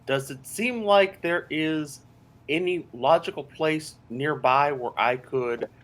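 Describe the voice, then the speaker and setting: A man's voice: a little high, slow pace, fairly bright tone. Man thinking aloud as a tabletop player. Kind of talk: casual game talk.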